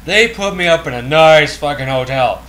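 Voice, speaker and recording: A man's voice: fairly high pitch, lively intonation, moderate pace, a bit bright, slight background noise. Blunt, profane man telling stories. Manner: blunt and profane, with a chuckle in his talk. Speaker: co-host. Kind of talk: casual chat, storytelling.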